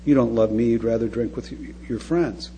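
A man voicing his angry, tearful wife, who scolds him bitterly in a low, hushed voice. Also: normal speed, a little hiss or hum, close to an everyday voice, poor audio. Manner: bitter, accusing.

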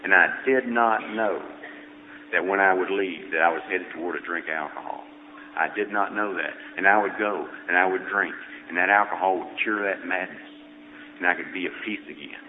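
A man's voice: sits low, slight background noise. A man telling his own story of teenage shyness and drinking in a plainspoken way, with frequent "you know" fillers. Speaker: speaker sharing his recovery story. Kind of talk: personal testimony talk. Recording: tinny lo-fi sound in a long-reverb hall.

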